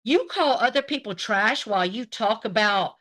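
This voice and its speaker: A woman's voice: on the high side, lively intonation, moderate pace, a bit bright. Profane, fiery woman ranting on livestream. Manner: profane, confrontational, sarcastic. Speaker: livestream host. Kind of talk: livestream rant addressing chat.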